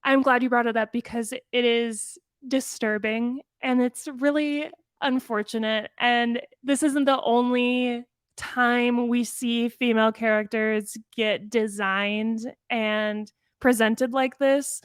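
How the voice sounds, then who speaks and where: Woman, podcast co-host, casual chat, fairly high voice, dry sound. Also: clear, resonant tone, dry recording. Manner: animated, quick bursts of speech with frequent "like".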